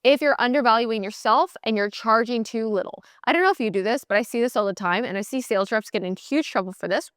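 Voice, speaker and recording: A woman hosting a podcast, giving blunt, animated sales coaching in a casual motivational talk. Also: on the high side, quick pace, few pauses, smooth, no echo, clean studio sound. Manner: blunt, animated, mimics voices in quotes.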